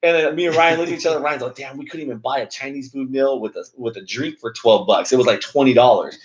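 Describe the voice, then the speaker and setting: A man co-hosting a casual podcast who talks quickly and piles on slang and fillers like "like" and "dude." His voice sits at a middling pitch, and the recording sounds dull and lo-fi. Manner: loose storytelling with slang and fillers. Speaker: podcast co-host. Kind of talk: casual chat.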